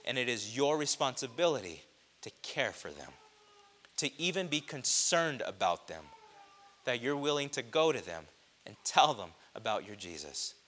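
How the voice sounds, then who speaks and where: A man preaching a sermon, impassioned, swelling loud on repeated phrases. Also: mid-range voice, sing-song, normal speed. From grew up on a reservation.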